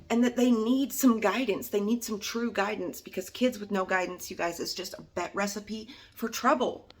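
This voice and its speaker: A woman vlogging about something that upset her, angry and emotional, swearing and repeating herself, outside near her house. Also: mid-range voice. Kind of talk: emotional personal vlog.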